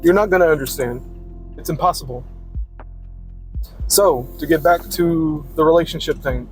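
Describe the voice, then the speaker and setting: Guy preaching blunt in a casual monologue, cusses a lot, pretty high voice. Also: normal speed, soft background music. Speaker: podcaster.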